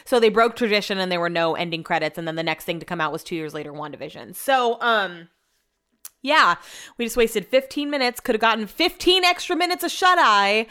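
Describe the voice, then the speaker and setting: A chatty young woman talks through her week on a solo podcast, rambling from one story to the next. She laughs easily and keeps the tone loose and conversational, with her pitch sitting at an ordinary middle height. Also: lively intonation, fairly quick, sharp tone, smooth. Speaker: podcast host. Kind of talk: casual solo chat.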